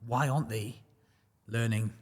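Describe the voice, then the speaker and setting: A man with a husky, slightly breathy voice speaks in a studio whose long reverb trails after his words. His talk is a blunt, motivational roundtable chat broken up by joking asides. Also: medium pitch, unhurried. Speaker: prop trading firm team member.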